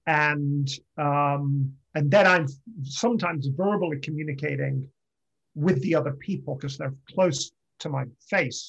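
Man in a podcast chat, gravelly and a bit husky, earnest and explanatory, slightly high voice. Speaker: acrobatic performer. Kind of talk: reflective conversation. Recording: dull lo-fi sound.

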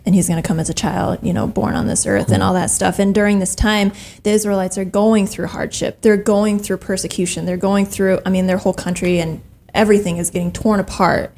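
A woman's voice: on the low side, vocal fry, darkish tone. A woman on a church panel, reflectively sharing thoughts from her reading notes. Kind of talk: casual church discussion.

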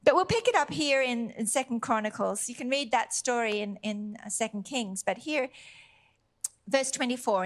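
A woman preaching with a high, bright-pitched voice. She retells scripture in an animated, conversational style. She hammers points home through emphatic repetition. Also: moderate pace. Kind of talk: sermon.

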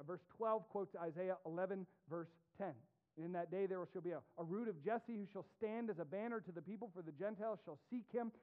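High-voiced preacher, tinny lo-fi sound. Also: male voice. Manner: emphatic preaching, voice rising and dropping sharply; reads scripture aloud with deliberate weight. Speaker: pastor. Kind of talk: sermon. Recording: tinny, phone-like narrow sound.

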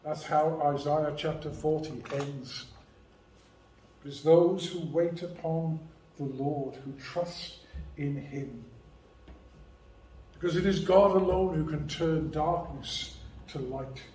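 A man preaching from the pulpit with slow, deliberate delivery and a slightly raised pitch. His voice rings through an echoey church, picked up from a little way off the mic. He is measured and emphatic, pressing on each key phrase. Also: fairly even intonation, darkish tone, far from the mic. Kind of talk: sermon.

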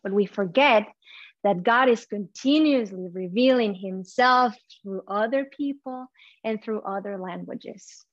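A woman whose first language is not English, preaching a heartfelt sermon with pauses and restarts. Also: medium pitch, no room sound, muffled recording.

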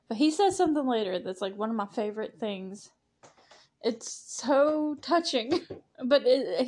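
A woman's voice: mid-range voice, a little mellow. A young woman hosting a podcast, chatting casually and gushing about a movie, rambling with frequent laughs. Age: young adult. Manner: gushing, rambling, laughs often, many "like" fillers. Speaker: podcast host.

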